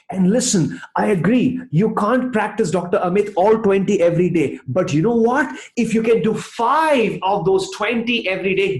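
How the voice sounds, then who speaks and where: A man's voice: sits high, echoey room. A man giving an emphatic motivational talk to an online audience, repeating phrases for effect. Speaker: motivational speaker.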